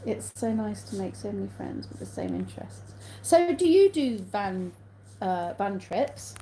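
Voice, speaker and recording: A woman's voice: medium pitch, very animated, a little slow, dark tone, a little hiss or hum, rough recording. An English woman hosting a casual live stream on her phone, reading out viewer comments, answering them and laughing often. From England.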